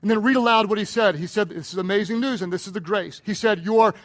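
A male pastor preaching a sermon with passion, moving between hushed, intimate passages and loud, emphatic repeated phrases. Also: high voice, fast talker. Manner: repeats phrases for rhetorical punch.

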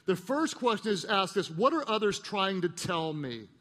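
A middle-aged man preaches from a church stage, his voice sitting high and ringing bright. He tells stories with lively, acted-out voices and gently mocks himself. The big hall carries a long reverb behind him. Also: normal speed. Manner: animated storyteller, acts out voices and mocks himself. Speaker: pastor. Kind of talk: sermon.

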